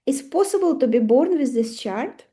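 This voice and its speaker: High-voiced woman teaching astrology. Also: moderate pace. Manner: animated, asks the class questions, acts out stories. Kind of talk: live lesson with stories.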